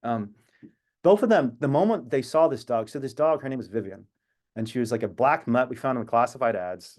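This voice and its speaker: A man's voice: on the low side, darkish tone. Earnest man telling a personal story. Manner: reflective, earnest storytelling with long tangents. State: emotional at times. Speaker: activist speaker. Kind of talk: personal talk on a video call. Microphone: video call.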